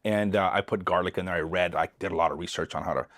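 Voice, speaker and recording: A middle-aged man from East Los Angeles, a podcast guest telling a story in a relaxed way, acting out the other people's voices and often restarting his words. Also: deep voice, quick pace. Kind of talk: casual storytelling interview.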